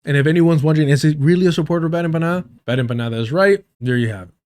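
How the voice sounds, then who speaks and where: Profane, heated commentary guy, slightly high voice. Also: racing, darkish tone. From United States. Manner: heated, profane, sarcastic ranting. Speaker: political commentary streamer. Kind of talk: livestream debate commentary.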